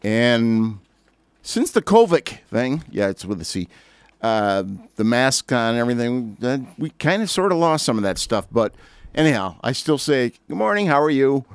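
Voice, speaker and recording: Chatty guy in his 60s djing on the radio, rambly, smooth clean voice, dry close mic. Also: medium pitch, moderate pace, dry recording. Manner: rambling, chatty, lively asides. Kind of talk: casual radio chat. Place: radio station record library.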